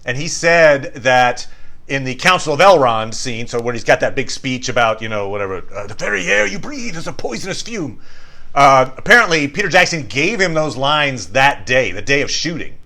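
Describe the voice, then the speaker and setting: Bright, eager man chatting about a film. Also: mid-range voice, lively intonation, moderate pace. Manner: enthusiastic, quotes movie lines in playful voices. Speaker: podcast co-host. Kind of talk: casual chat.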